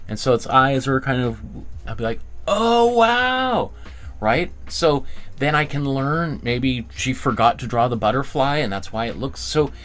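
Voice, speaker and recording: A man's voice: moderate pace, fairly bright tone, faint music behind. A male art teacher giving a live online drawing class. He talks in a casual, rambling, encouraging way and often restarts his phrases. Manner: acts out quoted voices with big pitch jumps.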